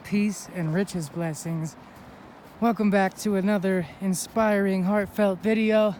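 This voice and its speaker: A man's voice: high-pitched, steady tone, a little slow, darkish tone, a little hiss or hum. A man giving a heartfelt, upbeat spiritual pep talk while hiking a snowy mountain, a little out of breath. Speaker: vlogger. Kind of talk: inspirational vlog talk.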